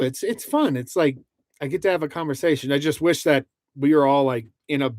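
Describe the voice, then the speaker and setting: A man's voice: medium pitch, no echo, studio quality. Rambling man chatting on a livestream. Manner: rambling, many restarts, laughs between lines. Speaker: livestream host. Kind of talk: casual livestream chat, reading out viewer comments. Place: inside a truck camper.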